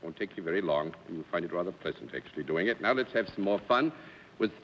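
A man's voice: sits low, expressive, fast talker, a little hiss or hum. Genial man hosting a 1950s game show. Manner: genial, laughing often. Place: TV studio before a live audience. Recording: lo-fi 1950s broadcast, long hall reverb.

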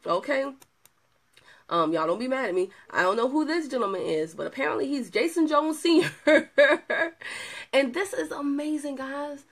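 A young adult woman chatting casually to her viewers, animated and playful, with laughing asides. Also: sits high, unhurried. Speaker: product distributor showing client results. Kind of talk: casual video chat.

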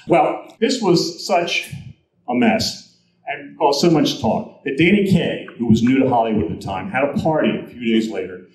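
A man's voice: medium pitch, a little hiss or hum. A man giving an anecdotal presentation at a convention, acting out the quotes in his stories. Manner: animated storyteller, acts out quotes. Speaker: guest speaker. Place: convention hall. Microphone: handheld recorder in audience. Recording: roomy hall audience recording.

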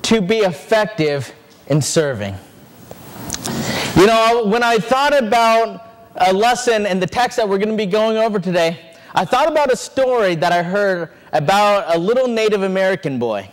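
A male preacher telling a story in a sermon, earnest and building suspense. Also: high voice. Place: church sanctuary.

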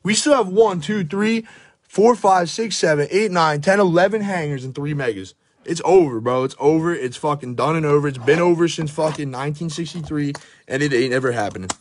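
Opening packs of trading cards live, the young card breaker swears excitedly, reels off player names, and sounds out of breath. His voice is a little high and a little fast, and the recording is dry.

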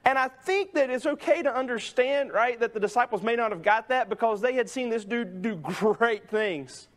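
A man's voice: extremely high pitch, moderate pace, hardly any pauses. A man pastor preaching a sermon in a conversational way, often tagging sentences with "right?" and acting out the voices of people in the story. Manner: conversational preaching, many "right?" tags, acts out quoted voices. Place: church sanctuary.

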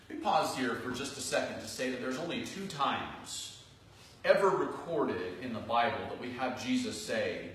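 A male pastor preaching a sermon in a church, earnest, rising into loud emphatic phrases and dropping to soft asides. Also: mid-range voice, animated, a little slow. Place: church sanctuary. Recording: distant, very echoey church hall recording with faint noise.

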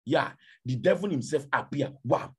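Raspy male preacher, lively pitch. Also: normal speed. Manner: repetitive, rhetorical questioning. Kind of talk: sermon.

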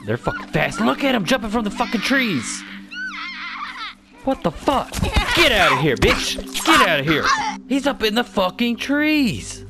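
A man hosting a horror-game let's play, swearing, taunting enemies and getting excited as he plays. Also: extremely high pitch, measured pace, gravelly, music in the background. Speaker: gaming channel host.

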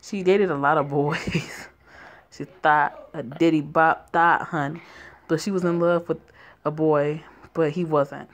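A woman's voice: low voice, steady tone, measured pace. A woman voicing a sassy, gossipy older female diner owner who drawls and calls people honey.

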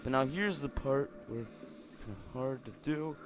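A young man giving silly, rambling commentary on a game, jumping from mumbles to squealing shouts. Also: mid-range voice, normal speed, noisy background. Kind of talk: goofy gameplay commentary.

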